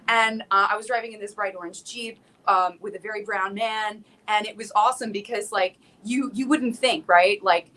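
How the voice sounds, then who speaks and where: Bright, lively woman telling road stories. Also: mid-range voice, normal speed, hardly any pauses. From South Florida. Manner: animated storyteller, many likes and restarts. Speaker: guest singer-songwriter. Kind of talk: casual chat.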